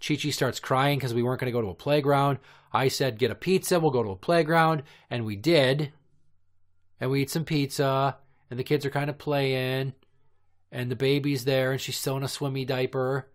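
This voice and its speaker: A man's voice: medium pitch, moderate pace. Profane rambling male podcast host. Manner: profane, rambling run-on rants. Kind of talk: crude comedic storytelling.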